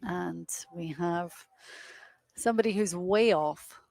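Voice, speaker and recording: A woman's voice: fairly low pitch, slow pace, gravelly, darkish tone, no echo. A young woman doing live golf commentary outdoors on a windy course, chatty and self-deprecating.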